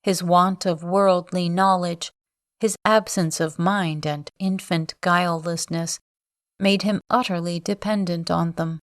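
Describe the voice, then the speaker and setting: A woman narrating a classic novel as a calm, measured sleep story. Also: fairly low pitch, no echo, clean studio sound. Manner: slow, calm, measured reading. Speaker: audiobook reader.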